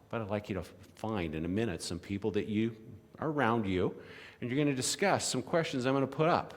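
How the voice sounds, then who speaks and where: A man leading a conversational Bible lesson at a church, often tossing in "you know" and "right?" as he explains the story. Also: on the low side. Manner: casual, frequent "you know" and "right?" asides. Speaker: church teacher. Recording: long reverb of a large hall.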